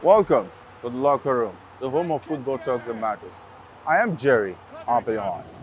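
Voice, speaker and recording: A man hosting a football talk show, presenting its promo in an upbeat, energetic way. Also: medium pitch, normal speed, faint music behind.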